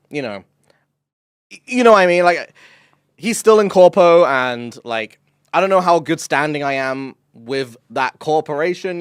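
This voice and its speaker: A man with a slightly high voice chats on his stream, telling stories excitedly and swearing freely between bursts of laughter. The sound is dry and close with no room around it. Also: clear, resonant tone, dry recording. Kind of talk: casual stream chat.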